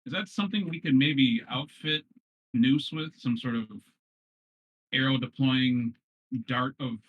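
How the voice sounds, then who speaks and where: A man's voice: mid-range voice, measured pace. A man playing a tabletop game chats and jokes with the table. His voice comes through a tinny, phone-like line. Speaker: player. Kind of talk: casual game table chat.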